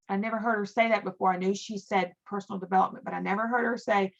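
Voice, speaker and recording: A woman's voice: medium pitch, steady tone, fairly quick, gravelly, few pauses, lo-fi sound. Chatty woman coaching her team. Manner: chatty, emphatic, repeats herself. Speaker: team leader giving a training call. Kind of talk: motivational training talk.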